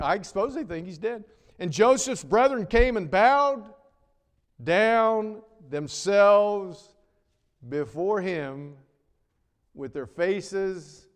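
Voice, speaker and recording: A man preaching a sermon, swinging between loud emphatic lines and hushed, drawn-out words. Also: high voice, creaky. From North Carolina. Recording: long reverb of a large hall.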